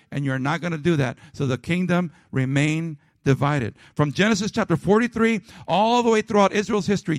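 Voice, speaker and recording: A male pastor preaching a sermon to his congregation, rising to loud emphatic peaks and dropping to a quiet, low prayer. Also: dry recording, clean studio sound. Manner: calls out to the congregation.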